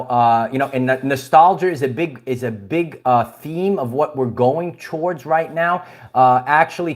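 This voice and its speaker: A man hosting a casual spiritual livestream, rambling with many restarts and chuckles while he greets viewers and reads their comments. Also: on the high side. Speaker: livestream host.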